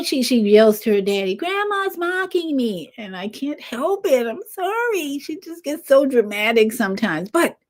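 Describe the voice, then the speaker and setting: An older woman hosting a casual spiritual livestream, rambling with animated asides. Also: mid-range voice. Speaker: livestream host.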